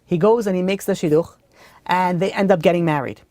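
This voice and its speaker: Storytelling rabbi with a dry sound. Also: male voice, high voice, brisk, a little mellow, dry recording. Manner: conversational, acts out story dialogue, many fillers. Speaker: rabbi teaching a weekly class. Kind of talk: storytelling lesson.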